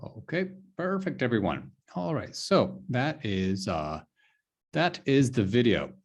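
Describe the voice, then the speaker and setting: Creaky-voiced man teaching English slowly. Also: mid-range voice, very animated. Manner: slow, repetitive explaining with many "okay"s. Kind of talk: online English lesson.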